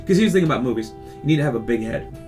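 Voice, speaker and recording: A man's voice: mid-range voice, rapid-fire, soft background music. A man hosting a casual podcast, rambling and ranting with lots of swearing. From California. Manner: rambling, animated rants with profanity. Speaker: podcast host.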